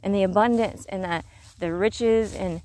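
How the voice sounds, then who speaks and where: A woman giving casual spiritual encouragement while walking outdoors in the countryside, earnest and rambling, with soft whispered asides. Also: mid-range voice, moderate pace, low-quality recording. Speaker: faith vlogger.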